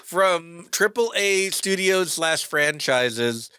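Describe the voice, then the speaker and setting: A man's voice: on the high side, lively intonation, takes it slowly, sharp tone, smooth. A man co-hosting a podcast in laid-back casual chat, full of fillers, on a close mic. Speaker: podcast co-host.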